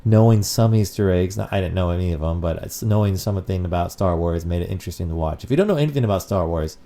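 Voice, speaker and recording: A man's voice: deep voice, fast talker, mellow. A man co-hosting a casual podcast, rambling and swearing freely as he chats. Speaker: podcast co-host.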